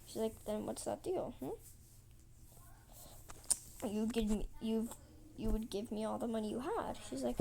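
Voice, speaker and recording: A woman's voice: fairly high pitch, measured pace, vocal fry, long pauses, dark tone, slight background noise. A woman telling a rambling story casually while drawing, repeating herself and acting out quotes with lots of "like". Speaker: channel host.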